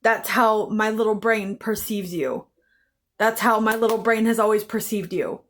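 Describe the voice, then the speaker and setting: A woman's voice: mid-range voice, fairly even intonation, normal speed. A woman telling her own story to camera in an intense, bitter way, swearing heavily and repeating phrases for emphasis. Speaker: vlogger. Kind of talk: emotional personal storytelling.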